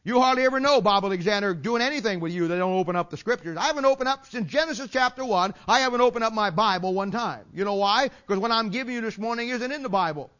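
A man's voice: high voice, expressive, quick pace, few pauses, a bit bright. An older man preaching a sermon in an emphatic, folksy, repetitive way. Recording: dull lo-fi sermon recording.

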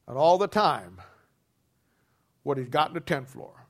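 A man preaching a sermon emphatically, voice dropping low and soft at the ends of points. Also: expressive, measured pace. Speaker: pastor.

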